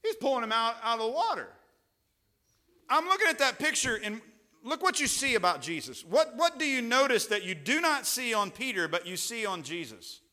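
A man preaching a sermon as pastor, chatty and rambling with asides, rising to loud, emphatic peaks. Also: extremely high pitch, sing-song, moderate pace. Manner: conversational, rambling with asides and restarts.

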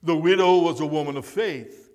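A man's voice: a little high, normal speed, darkish tone. Emphatic preacher man in echoing hall. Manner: emphatic, repeats key words. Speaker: pastor. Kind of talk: sermon. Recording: long reverb of a large hall.

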